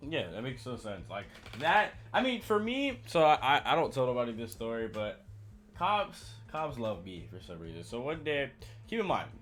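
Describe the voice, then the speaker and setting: A man's voice: mid-range voice, normal speed, soft background music. A man co-hosting a podcast, telling a long story in casual chat, with lots of slang and retold dialogue. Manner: storytelling, animated retelling with slang. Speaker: podcast co-host.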